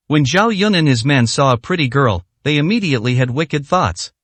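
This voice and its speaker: A man narrating a translated martial arts story in steady scripted storytelling. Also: mid-range voice, moderate pace, few pauses, dry recording.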